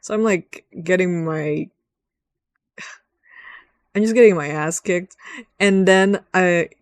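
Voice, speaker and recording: A woman's voice: on the low side, slow, smooth, dry recording. A woman giving rambling, giggly gaming commentary as host, swearing freely.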